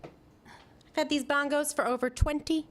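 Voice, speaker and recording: Wry high-voiced woman telling a story. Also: steady tone, measured pace. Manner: wry, self-deprecating, laughs often. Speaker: storyteller at open mic. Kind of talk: personal comic storytelling.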